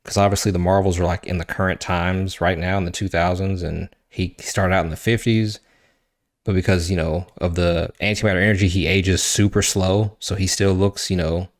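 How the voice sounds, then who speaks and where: Low-voiced man retelling a comic story. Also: normal speed. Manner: animated, swearing, acting out quoted characters. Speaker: podcast host.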